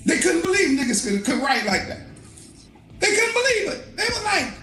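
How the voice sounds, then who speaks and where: A man preaching a street sermon, impassioned, often shouting and laughing as he swings between high and low. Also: sing-song, moderate pace, roomy sound, faint music behind.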